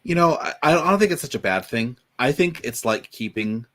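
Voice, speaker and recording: A man who is a guest writer on a relaxed live stream, chatting in an easygoing, teasing way with short replies. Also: medium pitch, normal speed.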